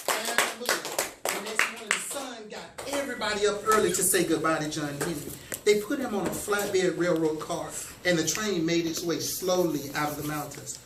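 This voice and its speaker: A man reads a storybook aloud to his students, animated and playful, and pauses often to quiz them. He is captured from the back of an echoey classroom, with clear background noise. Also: high-pitched, far from the mic. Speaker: teacher.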